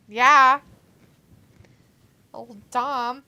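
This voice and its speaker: This co-host's fairly high voice is expressive, unhurried, pushed and bright. She giggles and swears loosely while reading viewer comments aloud on a casual watch-along livestream.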